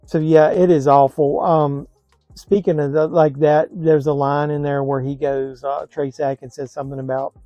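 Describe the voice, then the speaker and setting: A man's voice: on the high side, little pitch movement, normal speed, mellow, muffled recording, faint music behind. A man giving a blunt, scathing movie review in a casual vlog, sounding exasperated.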